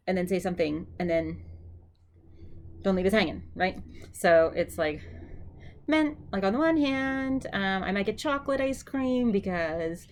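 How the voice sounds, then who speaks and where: A woman's voice: on the low side, expressive, fairly quick. A woman teaching vocabulary in a chatty way, repeating each word for her students to echo back. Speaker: Greek teacher. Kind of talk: vocabulary lesson.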